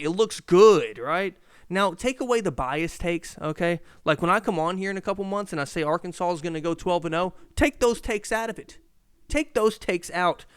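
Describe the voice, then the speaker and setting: Profane, rambling sports-podcast host. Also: male voice, high-pitched, clean tone, no room sound, studio quality. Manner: profane, rambling, animated rants. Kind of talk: casual solo sports podcast rant. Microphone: handheld mic.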